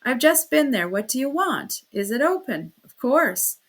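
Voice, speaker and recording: A woman voicing a suspicious, short-tempered male porter who demands answers in a shouting manner. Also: high-pitched, sing-song, measured pace, pitched above the performer's own voice, heavily acted. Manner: demanding, shouting, growing angry.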